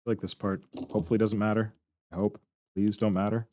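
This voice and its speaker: A man's voice: fairly low pitch, flat delivery, fairly quick, a little mellow. A man streaming his hobby sculpting, talking to himself in short, casual remarks as he works. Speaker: miniature terrain sculptor streaming his work. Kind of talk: casual running commentary while working.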